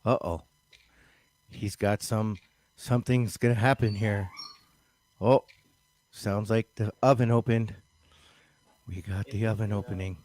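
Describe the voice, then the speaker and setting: A man's voice: fairly low pitch, steady tone, measured pace, pauses often, darkish tone, a little hiss or hum. A man chatting on a podcast, chiming in with short jokey remarks. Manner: jokey, chimes in with short quips. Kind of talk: casual chat.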